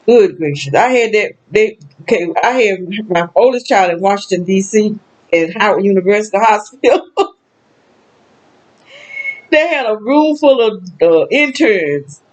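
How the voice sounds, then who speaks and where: A woman's voice: mid-range voice, animated, measured pace, a little mellow, low-quality recording. Older woman, Southern US accent, sad, rambling personal vlog, mid-range voice. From American South. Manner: rambling, emotional, with frequent laughs and exclamations. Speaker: vlogger. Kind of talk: casual personal monologue.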